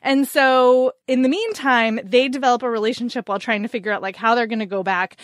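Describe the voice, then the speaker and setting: A woman co-hosting a casual book chat, enthusiastic, with quick asides and playful retellings. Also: on the high side, lively intonation, dry recording, studio quality. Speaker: podcast co-host.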